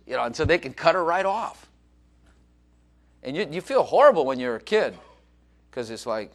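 A middle-aged man preaching a sermon, animated, acting out quoted voices and joking. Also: mid-range voice, fairly quick. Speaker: pastor.

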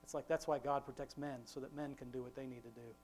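Man, father, informal devotional talk, conversational, frequent restarts, emphatic scripture quotes, average pitch. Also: steady tone, quick pace, darkish tone, slight background noise. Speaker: father leading a family devotion.

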